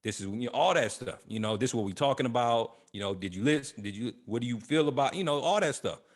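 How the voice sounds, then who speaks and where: A man's voice: medium pitch, lively intonation, fast. A middle-aged man co-hosting a casual podcast chat, talking loosely with lots of "you know" and repeats. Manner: loose, repetitive, filler-heavy storytelling. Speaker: podcast co-host.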